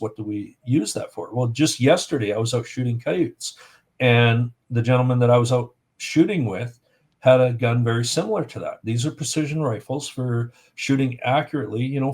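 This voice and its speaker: A man from Canada, a podcast guest, telling anecdotes in a lively, conversational way. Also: medium pitch, moderate pace. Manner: animated storyteller, acts out voices in anecdotes. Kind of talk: casual storytelling in a podcast.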